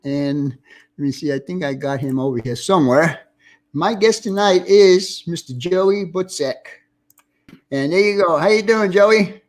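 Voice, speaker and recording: Man, high voice, casual livestream host, chatty, greeting viewers. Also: unhurried.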